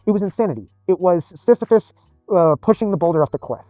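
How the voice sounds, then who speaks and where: A man with a slightly high voice tells a rambling personal story. He is emphatic, repeats himself and swears freely. The sound is close and dry, with faint music underneath. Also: expressive, fast talker, warm tone, dry recording. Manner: emphatic and repetitive, swears often. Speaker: gaming video creator.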